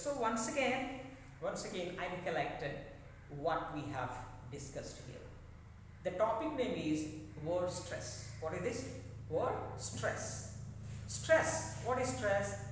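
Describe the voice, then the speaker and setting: Slow Telugu-accented male teacher, echoey classroom. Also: sits high, a little hiss or hum. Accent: Telugu-accented English. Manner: slow, repeats each word aloud for drilling. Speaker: English teacher. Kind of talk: classroom lecture. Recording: echoey classroom recorded from a distance.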